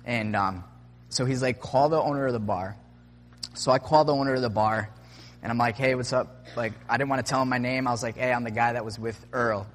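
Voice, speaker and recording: A young man tells a personal story in a casual, rambling way, packed with "like" and acted-out "I'm like" quotes. His voice is medium-pitched with fairly even intonation, a little fast, with slight background noise and long reverb.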